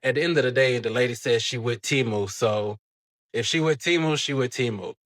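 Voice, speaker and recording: A man's voice: mid-range voice, fairly quick, fairly bright tone. A man co-hosting a recap show in a laid-back, casual way, quoting the cast as he talks. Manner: laid-back, many fillers, quotes the cast. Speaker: podcast co-host.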